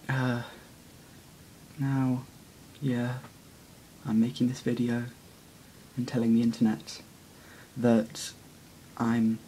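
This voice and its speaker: In this casual confessional vlog, a teenage boy talks in a warm, medium-pitched male voice, and the recording carries a little hiss or hum. He comes across as awkward and self-deprecating, laughing often while rambling with many fillers and pauses.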